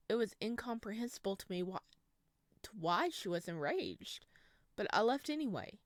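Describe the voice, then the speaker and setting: A woman reading a visual novel aloud, narrating and reacting out loud between lines. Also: mid-range voice, sing-song, normal speed, dry recording, clean studio sound.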